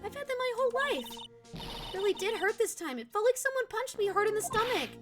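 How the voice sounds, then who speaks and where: A woman voicing an emotional young policewoman who feels betrayed, speaking high and wounded, with game music behind. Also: very animated, brisk. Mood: hurt, upset.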